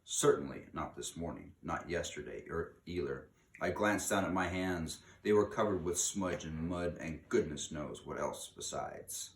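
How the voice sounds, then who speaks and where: A man reading a children's book aloud in an expressive way, slowing down for dramatic emphasis. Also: very deep voice. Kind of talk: read-aloud storytelling. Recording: echoey room.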